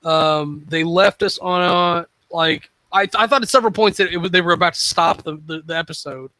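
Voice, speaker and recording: Male podcast host, casual and opinionated, rambles, bright tone, fairly high pitch. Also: moderate pace, dry recording, low-quality recording. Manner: rambling, frequent ums and restarts, opinionated. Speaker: web show host. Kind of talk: casual solo podcast review.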